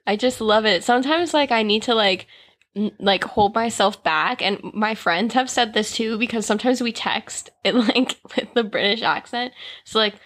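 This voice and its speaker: A woman's voice: fairly high pitch, normal speed, a bit bright. A woman co-hosting a podcast in casual chat, giggly and a little bashful. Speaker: podcast co-host.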